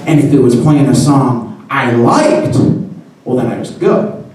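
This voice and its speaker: A man's voice: medium pitch, a little slow, darkish tone, far from the mic. Rambling man telling a story in a roomy hall. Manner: rambling, self-deprecating, full of "you know" and "like". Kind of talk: live personal storytelling. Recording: roomy hall heard from afar.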